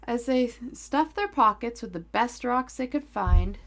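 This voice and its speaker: Woman reading a kids story into a mic, gravelly voice, playful. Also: on the high side, animated, unhurried. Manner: playful, teasing. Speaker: storyteller, podcast host. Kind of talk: reading a children's story aloud with asides. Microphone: desk microphone.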